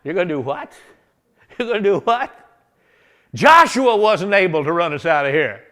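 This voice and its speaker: A preacher shouting as jeering ancient wall guards. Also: male voice, fairly high pitch, big pitch swings, takes it slowly, voice pushed up, heavily acted. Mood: mocking. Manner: shouting, scornful and laughing. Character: jeering male Jebusite defenders, mocking a boy.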